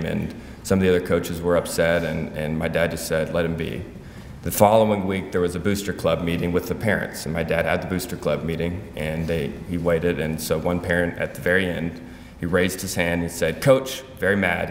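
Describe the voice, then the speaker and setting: A man with a very low voice delivers an emotional eulogy, pausing and restarting as he speaks. His words ring out with the long reverb of a big hall. A faint room hum sits underneath. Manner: emotional, halting, heartfelt. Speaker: son giving a eulogy. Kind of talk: funeral tribute speech. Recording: echoey hall from far off, faint ambience.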